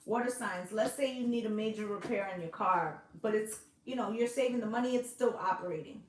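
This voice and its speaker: A woman's voice: mid-range voice, a little fast, a little hiss or hum. A woman giving a casual tarot reading, chatty and coaxing, swearing freely and checking in with her listeners as she goes. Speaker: intuitive tarot reader. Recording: roomy echo.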